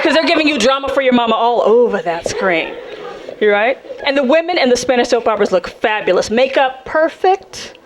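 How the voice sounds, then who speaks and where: A woman from South Central Los Angeles performing a sassy, animated stand-up set, jumping into character voices. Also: sits high. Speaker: stand-up comedian. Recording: live club set with loud audience laughter. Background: audience laughing.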